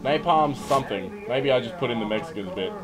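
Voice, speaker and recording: A man's voice: medium pitch, lively intonation, fairly quick, poor audio. A young man giving casual live commentary over a shooter game, swearing freely and yelping when things go wrong. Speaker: streamer. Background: game music and gunfire.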